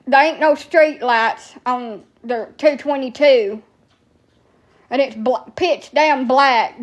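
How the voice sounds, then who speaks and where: With a high-pitched, slightly bright voice, a woman from Alabama, USA, rambles through a storytelling rant for TikTok. She curses freely and speaks bluntly.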